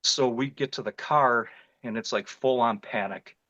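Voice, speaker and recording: A man's voice: mid-range voice, a little slow, pushed and bright, dry recording, dull audio. A middle-aged man from northeast Ohio, an interview guest earnestly recounting a frightening encounter in vivid detail, often restarting his phrases. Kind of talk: personal storytelling in an interview.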